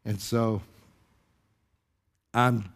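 A man's voice: on the low side, steady tone, very slow. Man preaching in a chatty storytelling way. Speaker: pastor. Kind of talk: conversational sermon with a personal story.

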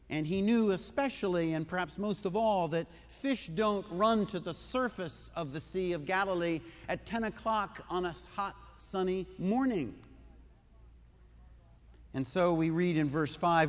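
Preacher in an echoing hall. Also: male voice, high voice, a little slow. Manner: conversational storytelling with asides and questions to listeners. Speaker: pastor. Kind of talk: sermon.

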